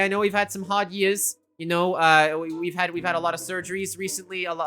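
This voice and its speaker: A woman's voice: mid-range voice, a bit bright, pitched above the performer's own voice, natural voice. A woman voicing a weary middle-aged daughter giving a hesitant, placating family toast in a tabletop game.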